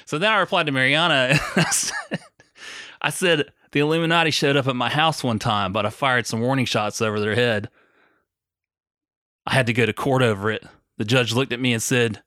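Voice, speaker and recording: A man's voice: medium pitch, a little fast, bright, forceful tone, no room sound, studio quality. A young adult man co-hosting a podcast, telling stories in casual chat with lots of swearing and mocking quoted voices. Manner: profane storytelling, mocks others in quoted voices. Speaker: podcast co-host.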